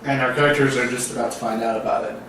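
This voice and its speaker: A man's voice: mid-range voice, fairly even intonation, very fast, very noisy. A man chatting as a player at a tabletop game, laughing often and restarting his sentences. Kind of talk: casual tabletop game chat. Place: home room, filmed on camera. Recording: echoey room from a distant mic.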